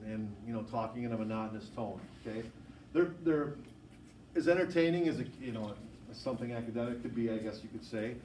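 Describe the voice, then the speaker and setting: A man teaches a biology class, talking quickly and casually as he walks through the handouts. He is heard from a distance, and the classroom around him is roomy and echoing. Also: medium pitch, darkish tone, a little hiss or hum. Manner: quick, informal, self-correcting. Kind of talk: classroom instruction. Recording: echoey classroom, far from mic.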